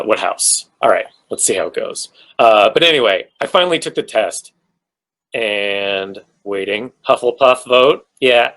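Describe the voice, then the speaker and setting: A man's voice: medium pitch, fairly bright tone, low-quality recording. A man, an actor, answering fan questions on a virtual panel over a video call, rambling and joking at his own expense with many fillers. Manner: rambling, self-mocking, jokey, many fillers.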